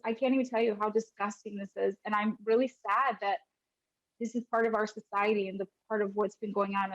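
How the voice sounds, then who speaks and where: A woman, speaking to viewers in a personal vlog with impassioned frustration. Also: on the high side. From United States. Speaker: vlogger, mother sharing her birth story. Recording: dull lo-fi audio.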